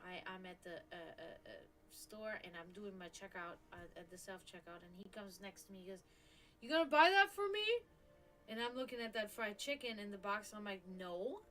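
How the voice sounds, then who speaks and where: Bright-voiced woman chatting on a stream. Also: mid-range voice, steady tone, brisk, few pauses, faint music behind. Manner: rambling, chatty, swears casually, many restarts. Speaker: stream host. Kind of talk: casual live-stream chat.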